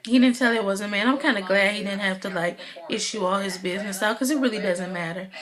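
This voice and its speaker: A woman's voice: mid-range voice, fast talker, a crowd in the background. Chatty woman recapping an episode. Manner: chatty, rambling, full of "you know" and "like"; animated, acts out the characters' lines while retelling.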